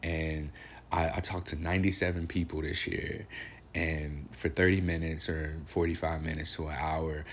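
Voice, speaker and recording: A man's voice: very deep voice, flat delivery, moderate pace, fairly bright tone, lo-fi sound, a little hiss or hum. A man in his thirties hosting a solo podcast, talking about grief in an emotional, reflective way and swearing casually. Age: 30s. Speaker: podcast host. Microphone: audio-only recording.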